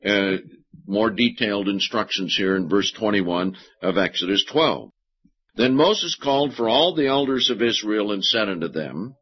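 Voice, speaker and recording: Deliberate husky preacher, lo-fi recording. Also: male voice, mid-range voice. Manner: deliberate, slows to stress key words. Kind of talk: sermon with scripture reading. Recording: dull lo-fi sermon recording.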